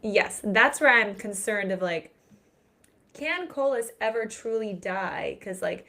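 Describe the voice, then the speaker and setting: A woman with a gravelly, fry-laden voice, chatting live about a book series. She is blunt, emphatic and quick to joke. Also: medium pitch, expressive, pushed and bright. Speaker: book discussion co-host. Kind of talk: casual live book chat.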